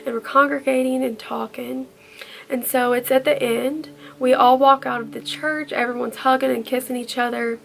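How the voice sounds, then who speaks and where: Woman, high gravelly voice, earnest storytime vlogger. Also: little pitch movement, normal speed. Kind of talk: storytime vlog.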